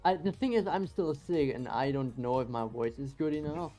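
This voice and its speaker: A man, a guest on a casual chat, who talks in a hesitant, halting way and laughs a lot. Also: on the high side, mellow, soft background music.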